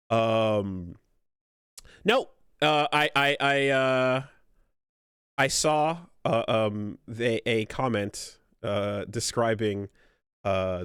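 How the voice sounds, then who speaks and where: A man's voice: lowish voice, a bit bright, clean tone, dry recording, studio quality. A middle-aged man co-hosting a podcast in casual chat, rambling with lots of fillers and restarts. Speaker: podcast co-host.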